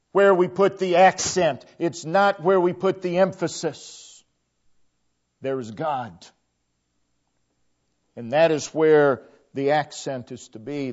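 A male preacher delivers a sermon at an unhurried, deliberate pace, leaning hard on key words before letting each phrase sink quietly. His voice sits a little high for a man. The recording is dull and lo-fi. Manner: slow, emphatic preaching that trails off quietly at phrase ends.

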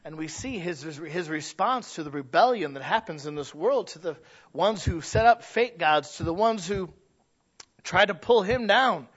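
High-voiced preaching man, lo-fi. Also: lively intonation, normal speed, a bit bright, slightly rough. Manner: conversational, emphatic preaching with restarts. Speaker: pastor. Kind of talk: sermon. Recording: dull lo-fi sound.

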